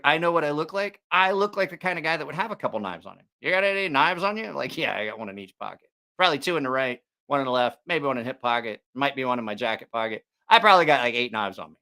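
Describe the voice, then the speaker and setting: A man hosting a knife channel, telling stories in a casual, profane, animated way. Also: a little high. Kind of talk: casual storytelling chat.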